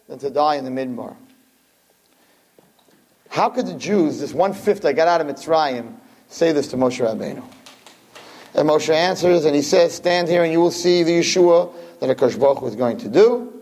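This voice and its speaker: A man giving a Torah class to a room of listeners, reading Hebrew verses and translating them, animated and acting out the dialogue. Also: normal speed. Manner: animated, acts out dialogue with big pitch swings. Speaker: Torah teacher. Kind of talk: Torah class lecture to a live audience.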